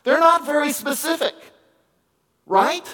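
A middle-aged man preaching a conversational sermon, moving between quiet asides and loud, emphatic calls. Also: very high voice, lively intonation, a little slow, rough recording. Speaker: pastor.

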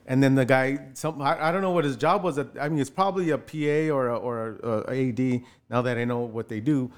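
Animated man retelling his story. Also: brisk, few pauses, a little hiss or hum. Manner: animated, acts out quoted voices with jumps in pitch, many fillers. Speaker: actor telling his start in film. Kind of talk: casual storytelling interview.

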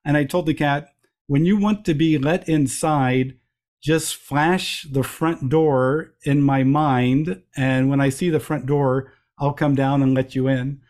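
A middle-aged man telling lively anecdotes as an interview guest, with frequent restarts and playful voices for quotes. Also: on the high side, takes it slowly. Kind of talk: storytelling in a conversational interview.

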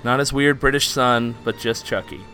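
A man hosting a casual quiz segment, reading descriptions aloud and announcing who gets the point. His voice is bright and forceful at a middling pitch. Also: steady tone, normal speed, soft background music. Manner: reads out questions and scores, laughs easily. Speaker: podcast host running a quiz. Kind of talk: casual chat.

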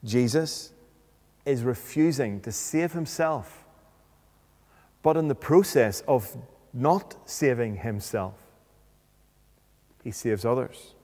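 A man preaching a sermon, speaking deliberately and posing rhetorical questions. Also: mid-range voice, expressive, darkish tone. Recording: long reverb of a hall.

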